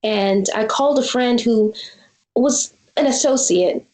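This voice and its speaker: A woman's voice: a little high, measured pace, darkish tone, roomy sound, poor audio. A woman in her forties, a filmmaker being interviewed, telling a personal story in an earnest, reflective way. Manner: earnest, reflective, acts out quoted dialogue. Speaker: guest filmmaker.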